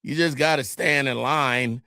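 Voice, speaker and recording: Brief: bright, animated man from California, casual podcast storyteller, dry close sound. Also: medium pitch, unhurried, no echo. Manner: animated storyteller, acts out quotes. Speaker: podcast co-host.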